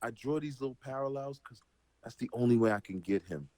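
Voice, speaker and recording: A man hosting a casual group Bible study, talking in an animated way with everyday parallels. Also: medium pitch, fairly quick, no echo, low-quality recording. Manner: animated, draws everyday parallels, many fillers.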